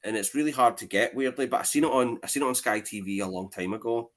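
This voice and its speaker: A man with a Scottish accent chatting casually, telling animated anecdotes and laughing along the way. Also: medium pitch, quick pace. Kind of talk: casual chat.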